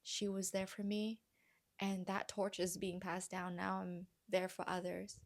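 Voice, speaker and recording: A woman coach speaking earnestly and gently to her viewers, often dropping to a soft near-whisper. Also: mid-range voice, monotone, a little slow, creaky. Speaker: vlogger and healing coach. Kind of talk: heartfelt personal talk to camera.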